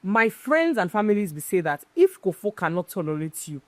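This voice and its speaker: A woman's voice: mid-range voice, sing-song, a little fast, no echo. Woman, event-planner guest, emphatic storyteller, dry close sound. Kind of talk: casual interview chat.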